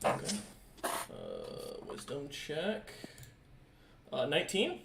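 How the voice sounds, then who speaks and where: Man, fairly high voice, excitable tabletop player, light background hiss. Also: takes it slowly, gravelly. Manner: excitable, laughing, swears casually. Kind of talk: casual tabletop role-play.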